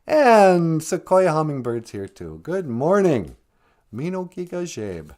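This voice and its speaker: A man's voice: a little high, sing-song, slow, darkish tone. A man hosting a podcast in casual, jokey chat, teasing his co-host and greeting listeners. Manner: jokey, teasing, calls people sweetie.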